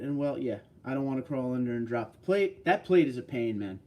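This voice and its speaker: A man's voice: mid-range voice, lively intonation, brisk, darkish tone. A man from New York hosting a casual livestream, reading out viewer comments and bantering back.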